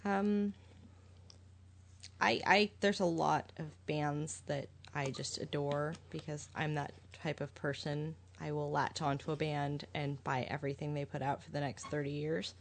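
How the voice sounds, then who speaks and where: A woman's voice: low voice, fairly even intonation, unhurried, vocal fry. A woman co-hosting a casual podcast chat, enthusiastic and prone to giggling. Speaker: podcast co-host.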